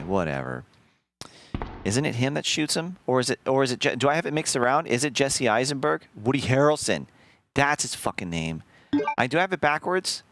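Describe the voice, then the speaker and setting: A man streaming a video game, chatting casually and telling a rambling, profane story in an animated way. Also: mid-range voice. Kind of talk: casual gameplay commentary.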